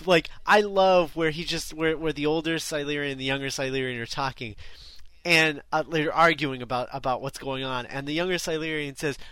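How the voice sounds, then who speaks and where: Bright, dry-voiced male podcast co-host. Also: on the high side, fairly even intonation, smooth, no echo, rough recording. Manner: quick wry asides. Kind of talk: casual chat.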